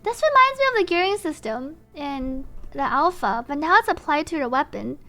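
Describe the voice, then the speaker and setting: A woman streamer giving casual gameplay commentary, thinking aloud and breaking into excited, giggly reactions. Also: high-pitched, normal speed, soft background music.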